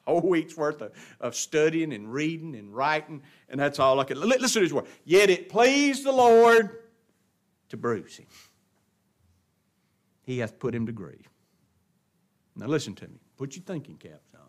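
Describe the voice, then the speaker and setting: A man preaching a sermon, swinging between loud emphatic stresses and quiet asides, often asking the congregation questions. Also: mid-range voice, sing-song, normal speed, pauses often.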